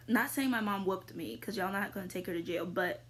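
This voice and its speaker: A young adult woman vlogger casually answering viewer questions, rambling with lots of fillers and jumping into sudden high squeals. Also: normal speed, heavy background noise. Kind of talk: casual chat.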